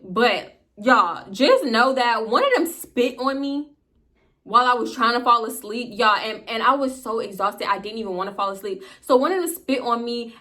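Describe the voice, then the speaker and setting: A young woman with a bright, forceful voice pitched a little high tells a personal storytime to her viewers. She talks in a candid, animated way, swearing freely as she goes. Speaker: storytime vlogger. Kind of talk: casual storytime monologue.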